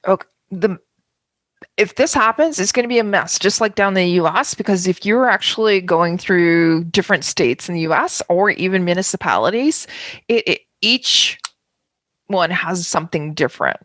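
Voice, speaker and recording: Firm lowish-voiced woman. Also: animated, moderate pace, a bit bright, dry recording. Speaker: podcast co-host. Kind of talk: casual chat.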